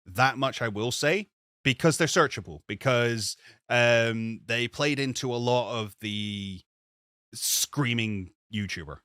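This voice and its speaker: A man co-hosting a podcast, arguing his point in a casual debate with animated emphasis. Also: slow pace, no room sound, clean studio sound. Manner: animated, emphatic, argues with rising pitch. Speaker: podcast co-host.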